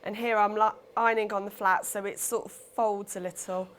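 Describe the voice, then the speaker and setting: A woman's voice: medium pitch, fairly even intonation, brisk, a bit bright, clear, resonant tone. A woman from Leicestershire, a guest sewing expert, explaining a sewing demonstration on TV step by step. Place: TV studio.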